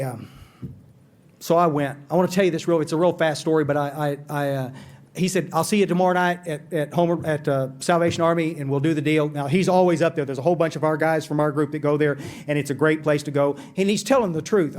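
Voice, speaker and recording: A man giving a talk at a recovery meeting, telling his story earnestly and poking fun at himself, often stopping and restarting his sentences. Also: fairly high pitch. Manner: earnest, self-deprecating storyteller with frequent restarts. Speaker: AA speaker. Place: conference hall.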